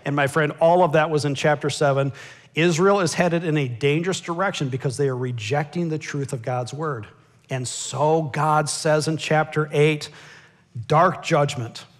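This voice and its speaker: An American man preaching a sermon, swinging from loud pleading cries to hushed asides. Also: fairly high pitch, normal speed. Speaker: pastor. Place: church sanctuary.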